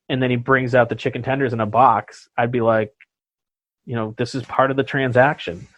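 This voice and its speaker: A man's voice: mid-range voice, steady tone, fast, dry recording. Casual, laughing podcast host man. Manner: joking, laughs often. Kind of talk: casual chat. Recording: dull lo-fi podcast audio.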